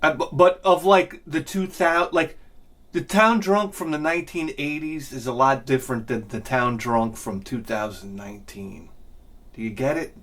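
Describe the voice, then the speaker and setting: A middle-aged man telling a rambling, self-mocking comic story with lots of swearing and loud bursts of laughter. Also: mid-range voice, moderate pace. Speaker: video game collector vlogger.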